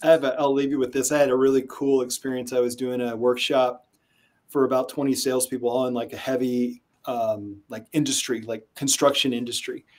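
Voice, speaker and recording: This man has a medium-pitched voice and a fairly quick pace. As a sales trainer in an interview, he animatedly tells stories and acts out the quotes of people in them.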